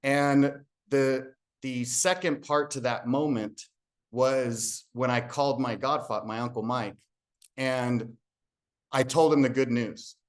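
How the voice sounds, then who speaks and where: An earnest man gives a motivational talk as a guest speaker. He tells a personal story in an open, heartfelt way and voices the dialogue as he goes. His pitch sits in an ordinary middle range. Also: takes it slowly.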